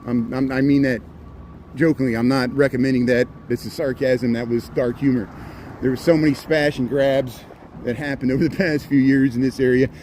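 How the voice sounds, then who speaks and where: A man's voice: mid-range voice, fairly even intonation, normal speed, a little mellow. A man giving rambling, chatty walking commentary on city streets, with sarcastic asides, recorded on a handheld phone. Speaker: walking tour vlogger. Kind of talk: casual live-stream walking commentary. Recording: street noise and passing traffic.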